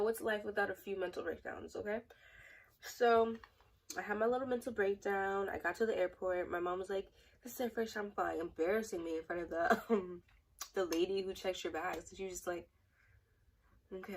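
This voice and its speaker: A woman's voice: mid-range voice, distant mic, rough recording. A young woman in a casual storytime vlog, rambling and chatty with many fillers. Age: young adult. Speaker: vlogger.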